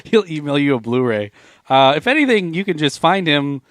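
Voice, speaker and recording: Deadpan man hosting a podcast. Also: fairly high pitch, normal speed, dry recording, studio quality. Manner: deadpan, mock-diplomatic, runs the plugs. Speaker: podcast host. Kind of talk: deadpan joking chat.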